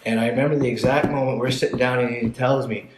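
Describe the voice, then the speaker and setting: Speaking in an echoey room, a Canadian podcast guest tells his life story in blunt, casual, profane terms and acts out voices in his anecdotes. His mid-range voice keeps a steady tone at a quick pace, with a little hiss or hum.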